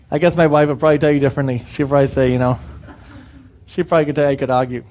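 A young man preaching a sermon in a high, light voice. He keeps it chatty and informal, asking the congregation direct questions. He breaks into brief impressions of the people he describes. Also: steady tone, quick pace. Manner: conversational preaching, asks the congregation questions, acts out quoted voices. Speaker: pastor.

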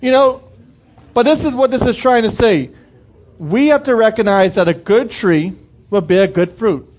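A young man preaching a sermon in a high, light voice. He keeps it chatty and informal, asking the congregation direct questions. He breaks into brief impressions of the people he describes. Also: moderate pace, darkish tone. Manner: conversational preaching, asks the congregation questions, acts out quoted voices. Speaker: pastor.

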